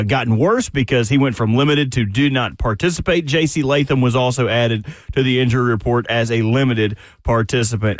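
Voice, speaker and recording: A man reading a sports news update on the radio in a brisk newsreader manner. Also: medium pitch, dry recording. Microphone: studio microphone.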